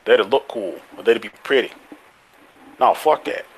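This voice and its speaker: A man co-hosting a casual podcast chat, excitable and quick to laugh, swearing freely as he rants. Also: mid-range voice, husky, low-quality recording. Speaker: podcast co-host.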